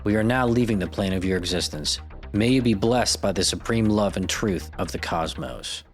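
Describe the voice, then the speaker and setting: A man's voice: fairly low pitch, normal speed, soft background music. A man hosting a podcast, reading out stories with irreverent, profane, jokey asides. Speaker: podcast host. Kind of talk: comedic podcast narration.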